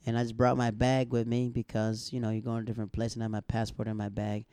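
A man on a casual podcast, telling a travel story with lots of energy and jumping into other people's voices, often laughing mid-sentence. His voice is dark and mellow. The recording is close and dry, with no room sound. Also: mid-range voice, fast, clean tone, no room sound. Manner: animated storyteller, acts out other people's lines; laughs often while talking. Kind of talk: casual chat.

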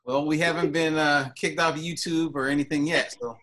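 A man's voice: a little high, fairly even intonation, moderate pace, a bit bright. A man hosting a podcast in casual chat, speaking hesitantly with many fillers and restarts. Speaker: podcast host.

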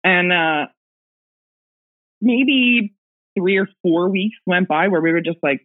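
A woman's voice: medium pitch, animated, slow. Woman telling a story over a tinny line. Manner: rambling, full of fillers and laughs. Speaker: podcast guest telling a ghost story. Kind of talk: casual storytelling. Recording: tinny phone-line audio.

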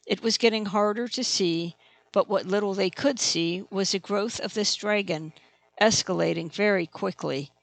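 A steady narrator reads a fantasy story in a plain storytelling manner. The voice is gravelly at a middle pitch. It is recorded close and dry. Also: normal speed, no room sound. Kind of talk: audiobook narration.

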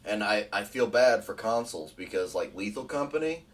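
A low-voiced man chats about games on a podcast, relaxed and earnest, dropping the odd swear. He sounds set back from the mic. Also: moderate pace, distant mic. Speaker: podcast co-host. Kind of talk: casual gaming chat.

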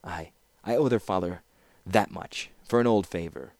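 Stern bossy lady scholar, a guy doing her, sharp and scolding, raised pitch, dry sound. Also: normal speed, gravelly, no room sound. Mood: weary. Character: stern older female scholar, commanding.

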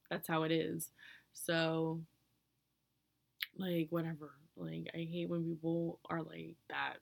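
A young woman talking to her own recorder in a casual, profane monologue, blunt and ranting, with loud bursts of indignation and breathy whispered asides. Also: low voice, flat delivery, takes it slowly, pauses often, no echo. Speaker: solo vlogger answering question prompts. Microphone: own recorder close by.

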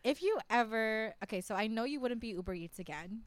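A woman's voice: on the high side, animated, brisk. Emphatic young woman, faint hiss. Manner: emphatic, repeats herself, swears. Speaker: podcast co-host. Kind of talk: casual chat.

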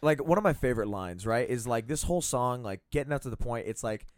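A man's voice: medium pitch, lively intonation, fast talker, no echo, studio quality. A young man hosting a casual podcast, reviewing songs in a laid-back way and swearing freely. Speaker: podcast host. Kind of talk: casual chat reviewing an album.

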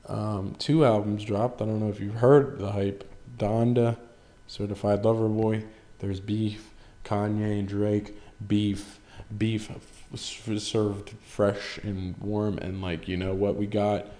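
A man's voice: lowish voice, little pitch movement, slow, dark tone. A man hosting a solo podcast in casual chat, rambling, swearing freely and joking at his own expense. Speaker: podcast host.

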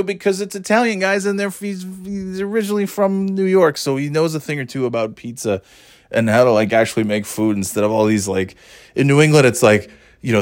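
A middle-aged man hosting his own podcast, talking in a rambling, casual way, swearing freely and laughing at himself. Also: a little high. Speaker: podcast host. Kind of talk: casual solo podcast monologue.

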